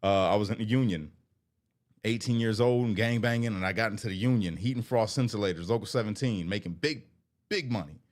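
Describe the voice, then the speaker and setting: A man's voice: on the low side, a little fast. A man talks candidly to camera in an earnest, heartfelt way, often repeating himself. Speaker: vlogger.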